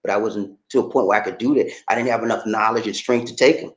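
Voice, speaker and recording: A man's voice: fairly low pitch, steady tone, quick pace. A middle-aged man giving an emphatic, repetitive monologue, talking straight to his viewers and calling them man. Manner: emphatic, repetitive, keeps addressing listener as man. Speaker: online commentator. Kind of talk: casual preachy monologue. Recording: roomy echo.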